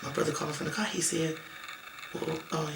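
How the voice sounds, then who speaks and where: A woman's voice: sits low, steady tone, a little fast, vocal fry, background noise. A woman guest in an interview telling a painful family story, emotional and emphatic, often repeating herself and acting out what relatives said. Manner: emotional, repetitive, emphatic, acts out quoted relatives. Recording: echoey room.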